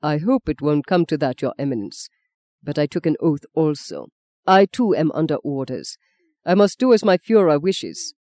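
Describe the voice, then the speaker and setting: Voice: mid-range voice, lively intonation, mellow, dry recording, close to an everyday voice. A reader doing a formal German general. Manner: formal, measured.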